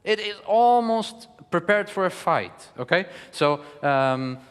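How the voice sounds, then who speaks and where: A man leads a declamation class, coaching students through lines of verse with lively, hesitant explanations. His voice sits a little high for a man. A long hall reverb trails after his words. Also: slow, clean tone. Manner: animated, coaching, frequent hesitation fillers. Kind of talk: teaching lecture with spoken demonstrations.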